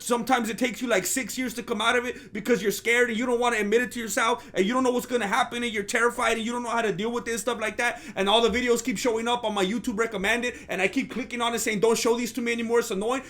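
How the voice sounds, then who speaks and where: High-voiced man ranting sarcastically. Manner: sarcastic, animated, mock-outraged. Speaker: commentary channel host. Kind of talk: comedic commentary rant.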